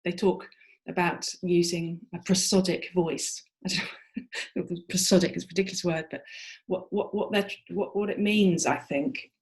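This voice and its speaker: A woman's voice: on the low side, steady tone, normal speed, darkish tone. A woman therapist explains treatment techniques to fellow practitioners in an informal teaching talk. She talks it through conversationally, building her points as she goes.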